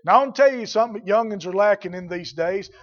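High-voiced preacher, lo-fi. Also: male voice, fast talker. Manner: folksy, blunt, builds to shouting. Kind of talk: sermon.

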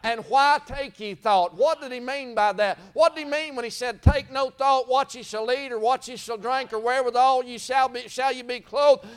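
A man's voice: very high-pitched, steady tone, moderate pace, hardly any pauses, clear, resonant tone. A man preaching a sermon in a folksy way, full of repeated phrases and rhetorical questions.

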